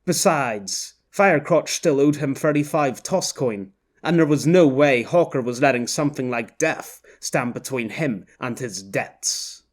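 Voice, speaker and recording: A man reading an audiobook as narrator in a measured, intense style. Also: mid-range voice, expressive.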